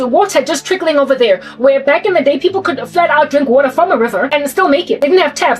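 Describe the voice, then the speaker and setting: Woman ranting hard in a high voice, firing off question after question, faint music behind. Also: rough recording. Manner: impassioned, rhetorical, repeats questions. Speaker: channel host. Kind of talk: monologue commentary.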